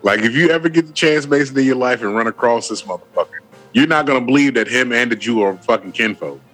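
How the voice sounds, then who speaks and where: Profane storytelling podcast co-host. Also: male voice, medium pitch, quick pace, fairly bright tone, soft background music. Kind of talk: casual storytelling chat.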